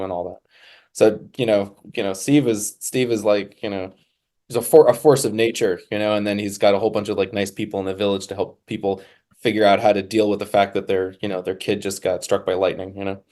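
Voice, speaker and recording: A man's voice: on the low side, flat delivery, fairly quick, warm tone. A man hosting a podcast interview, chatting in an easygoing, agreeable way and often trailing off. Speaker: podcast host. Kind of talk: casual conversation.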